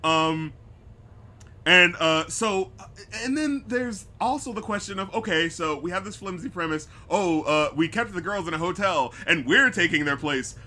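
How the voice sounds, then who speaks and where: A man's voice: sits high, lively intonation, normal speed, sharp tone. A man co-hosting a casual movie review chat, sarcastic and swearing often, acting out scenes in silly voices. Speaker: podcast co-host.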